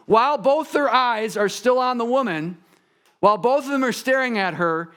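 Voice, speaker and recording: A man's voice: very high voice, lively intonation, moderate pace, fairly bright tone, clear, resonant tone. A man preaching a sermon in a church, talking conversationally and turning to the congregation with asides. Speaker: pastor. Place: church sanctuary.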